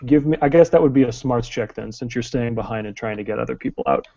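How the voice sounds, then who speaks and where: A man acting as game master for a tabletop game explains the rules step by step, using plenty of ums and uhs. His mid-range voice is mellow, relaxed and fast, and the recording sounds dull and lo-fi.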